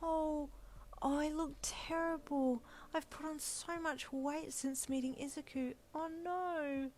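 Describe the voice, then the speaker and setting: A woman voicing a pregnant young wife who is tearful and pouty, speaking high and whiny. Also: steady tone, slow pace, a little mellow.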